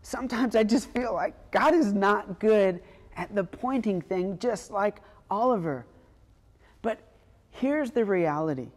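A woman pastor preaching a sermon in a relaxed, conversational storytelling way. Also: medium pitch, unhurried, long reverb tail.

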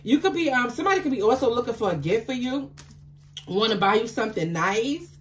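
Excitable, high-voiced tarot reader woman. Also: brisk. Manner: chatty, affectionate, calls listeners baby; excitable, bursts of laughter and exclamations. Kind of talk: intuitive tarot reading to viewers.

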